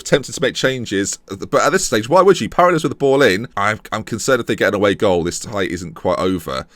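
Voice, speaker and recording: A man giving excited, breathless play-by-play commentary over a football management game as a YouTuber. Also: medium pitch, no room sound. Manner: animated, breathless play-by-play with exclamations. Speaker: gaming YouTuber.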